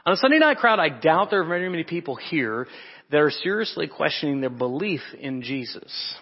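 A pastor giving a relaxed, conversational sermon to an evening congregation, pausing with fillers and correcting himself. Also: male voice, on the high side, husky. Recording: muffled, reverberant church hall.

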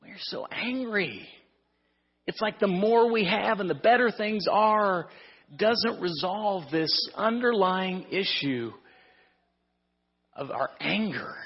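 A pastor preaching a sermon in a conversational, storytelling way with rhetorical questions. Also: male voice, high-pitched, expressive, takes it slowly, slightly rough. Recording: muffled sound in a reverberant hall.

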